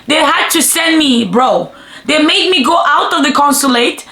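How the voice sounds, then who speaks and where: A twenty-year-old woman talks straight to her viewers in a storytime vlog, lively and chatty, tossing in "bro" and "guys". Her voice sits fairly high. The sound is roomy and echoey. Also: moderate pace. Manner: animated, chatty, keeps saying "bro" and "guys". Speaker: vlogger.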